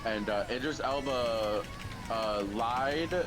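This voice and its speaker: A man's voice: medium pitch, takes it slowly, music in the background, rough recording. A man on a game stream telling a rambling story, with casual swearing.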